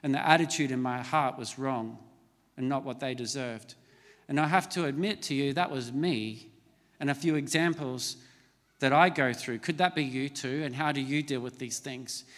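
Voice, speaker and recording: A man's voice: medium pitch, normal speed, fairly bright tone, long reverb tail. A middle-aged man preaching a sermon as a pastor, conversational and storytelling, with self-mocking asides. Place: large church hall.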